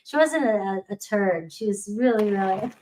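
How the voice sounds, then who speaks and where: A woman's voice: medium pitch, moderate pace, darkish tone, a little hiss or hum, rough recording. A woman giving a casual tarot reading to camera, chatty and laughing often. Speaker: tarot reader.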